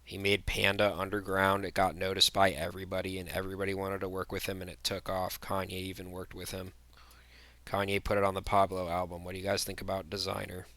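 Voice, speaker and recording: A man's voice: sits low, completely flat delivery, fast talker, few pauses, fairly bright tone, no echo. A young man giving blunt, rambling tier-list commentary, full of fillers and restarts. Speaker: vlogger.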